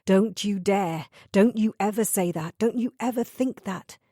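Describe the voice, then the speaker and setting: A woman voicing a composed female counselor who speaks softly, calm and steady, in an audiobook thriller. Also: mid-range voice, measured pace, no echo, clean studio sound, lightly acted. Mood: firm. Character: composed woman counselor, gentle but firm.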